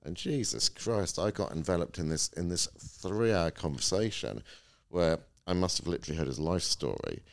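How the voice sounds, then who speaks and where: A middle-aged father, reflective and measured, asking questions and mulling over events in a casual podcast chat. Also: deep voice, lively intonation, vocal fry.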